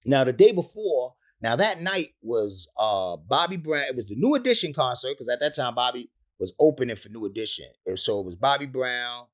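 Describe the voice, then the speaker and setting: A man in his fifties, a rapper being interviewed, telling a long anecdote in casual slang. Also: mid-range voice. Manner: slangy, acts out other people's voices in quotes. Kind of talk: animated storytelling anecdote.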